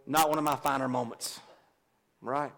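A man's voice: mid-range voice, steady tone, normal speed, gravelly, fairly bright tone. A middle-aged man, a pastor preaching a folksy, confessional sermon and joking with his congregation. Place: church.

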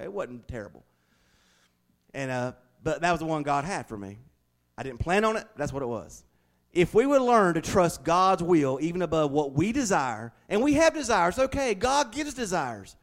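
A man preaching a sermon, telling folksy stories with big swings between loud and hushed delivery. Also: on the high side. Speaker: pastor.

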